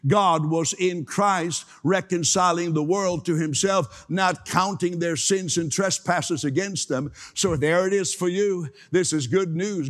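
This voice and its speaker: Man preaching, emphatic, repeats phrases, somewhat high voice, big reverberant church hall. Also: unhurried, few pauses, a bit bright. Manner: emphatic, repeats key phrases, invites congregation to respond. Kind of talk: sermon.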